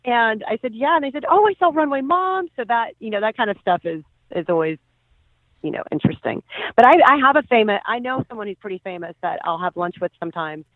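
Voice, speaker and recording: A woman guest on a podcast, chatting casually, often laughing and pausing with fillers. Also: a little high, animated, no echo. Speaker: guest actress. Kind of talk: casual interview chat. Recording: tinny phone-line sound.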